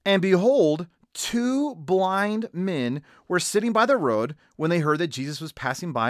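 A man delivers a sermon in a slightly raised voice that speeds up and slows down as he makes his points, with light laughs between them. The sound is dry and close. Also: high voice, dry recording. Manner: animated, shifting pace and loudness, laughs lightly between points. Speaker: pastor.

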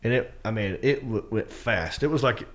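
A man's voice: mid-range voice, normal speed. A man, a stand-up comedian, telling a story on a podcast and acting out his own lines in a raised voice. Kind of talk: animated storytelling.

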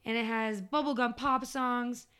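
A woman in her thirties hosting a podcast, animated and expressive in casual chat. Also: on the high side, measured pace, clear, resonant tone. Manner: animated, expressive, grossed-out reactions. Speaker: podcast host. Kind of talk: casual chat and show intro.

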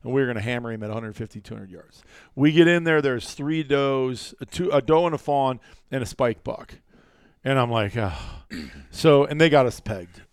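A man's voice: mid-range voice, moderate pace, smooth, no room sound, clean studio sound. A man co-hosting a casual hunting podcast, telling stories and acting out what people said. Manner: animated storyteller acting out quotes. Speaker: podcast co-host.

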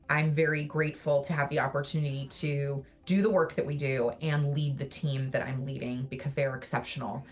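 A woman founder talking in an earnest, reflective way as an interview guest, laughing easily. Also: low-pitched. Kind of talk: conversational interview.

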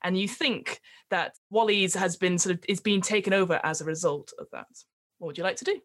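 A woman's voice: lowish voice, fairly quick. A woman running a tabletop game as game master, with chatty, giggly narration full of fillers.

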